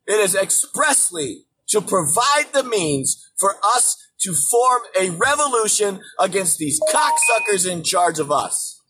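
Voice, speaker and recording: Male host, high voice, profane political rant, distant mic. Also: big pitch swings, unhurried, hardly any pauses. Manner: angry, swearing constantly, emphatic, bursts into shouting. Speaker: show host. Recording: distant mic with faint background noise.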